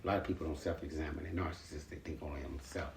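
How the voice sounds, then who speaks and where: Man, very deep voice, earnest, repetitive, father talking to sons, distant, roomy echo. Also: steady tone, very fast, vocal fry. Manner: earnest, repetitive, plain-spoken. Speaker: father speaking to his sons. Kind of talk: home family talk, lecturing and apologizing. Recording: echoey room, far from the mic, faint hiss.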